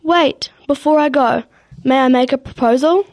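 A woman's voice: high-pitched, normal speed, darkish tone, pitched above the performer's own voice. A woman voicing a young Viking girl who pleads sweetly in a storybook reading. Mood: pleading.

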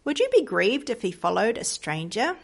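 A woman doing an earnest pious lady, gently reproachful. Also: on the high side, sing-song, moderate pace, gravelly, full character voice. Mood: coaxing.

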